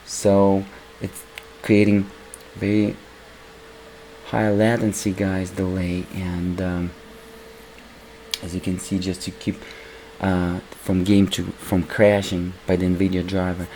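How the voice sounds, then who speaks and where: A man with a voice worn hoarse from recording, casually commenting over his gameplay as a PC gaming channel host and calling his viewers "guys". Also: low-pitched, completely flat delivery, takes it slowly, long pauses, dark tone, slight background noise, low-quality recording. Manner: keeps calling the viewers "guys", rambling with restarts.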